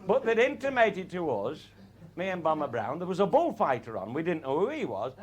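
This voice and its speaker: A man's voice: on the high side, wildly swooping pitch, brisk. A man telling a comic anecdote in an earthy way, swearing freely and chuckling through his punchlines. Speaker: raconteur.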